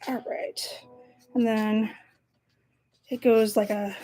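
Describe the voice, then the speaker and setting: Brief: young woman, art vlogger, higher voice, chatty self-talk, faint music underneath. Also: flat delivery, slow, warm tone. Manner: chatty, self-mocking, laughs often. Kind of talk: casual narration while drawing.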